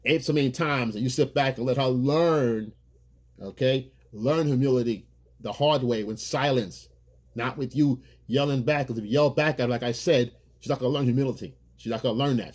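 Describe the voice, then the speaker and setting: Husky-voiced man lecturing on dating. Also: medium pitch. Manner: emphatic and preachy, acts out quoted voices. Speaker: dating coach. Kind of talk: monologue advice video.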